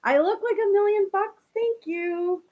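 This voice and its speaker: A woman's voice: very high voice, measured pace, highs cut off. A young woman from Canada hosting a casual live stream. She chats with viewers, reads their comments, laughs often and uses many fillers. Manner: chatty and warm toward viewers, laughs often, many "like" and "you know" fillers.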